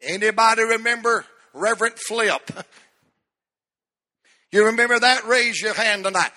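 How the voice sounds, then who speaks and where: A man's voice: sits high, measured pace, long pauses, pushed and bright, big-room sound. A man in his sixties preaching a sermon as pastor in a church, emphatic and repeating key words for stress. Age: 60s.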